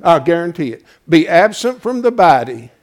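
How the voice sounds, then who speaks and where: High-voiced folksy male preacher. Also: sing-song, normal speed. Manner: asks the congregation questions and draws answers; swings from hushed asides to loud emphatic preaching. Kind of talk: folksy Bible teaching sermon.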